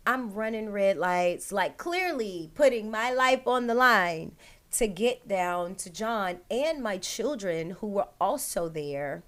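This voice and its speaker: A woman's voice: mid-range voice, animated, slow, a bit bright. A woman hosting her own show, telling an emotional personal story straight to her listeners with many "like" and "right?".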